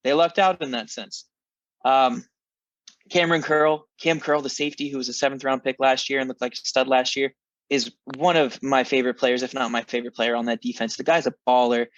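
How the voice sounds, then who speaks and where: A man's voice: mid-range voice, flat delivery, a little fast, fairly bright tone, no room sound, highs cut off. A man co-hosting a casual sports podcast, ranting with wry self-mocking humor. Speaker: podcast co-host, football fan.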